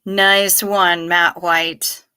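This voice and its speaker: A middle-aged woman hosts a livestream, reading viewer comments aloud and chatting casually with dry, sardonic asides. Her voice sits on the low side, level in tone, very slow, and bright, forceful and clean.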